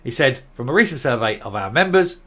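A man's voice: medium pitch, very animated, fast, sharp tone. A man giving ranting commentary, blunt, sarcastic and combative.

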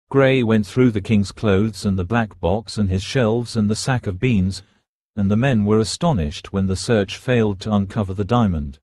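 A man narrating an audiobook in an even, measured reading. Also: fairly low pitch, dry recording. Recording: dry close studio recording.

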